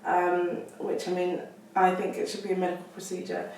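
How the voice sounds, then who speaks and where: A woman's voice: on the low side, monotone, fairly quick, darkish tone. Woman, thoughtful, explains step by step, roomy echo, distant mic. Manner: thoughtful, explains in steps with fillers. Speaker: guest doctor. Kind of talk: casual conversation.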